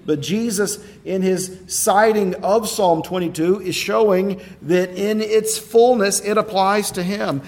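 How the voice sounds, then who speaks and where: A man preaching an expository sermon. He reads scripture slowly and solemnly, and he stresses his points with rising intensity. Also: high voice. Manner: slow solemn scripture reading. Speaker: pastor.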